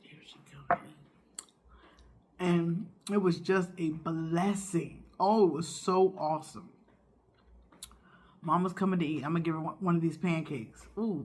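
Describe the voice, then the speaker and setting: A woman's voice: on the low side, slightly rough. Chatty woman eating on camera. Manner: chatty and expressive, talks through bites. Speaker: mukbang vlogger host. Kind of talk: casual chat while eating.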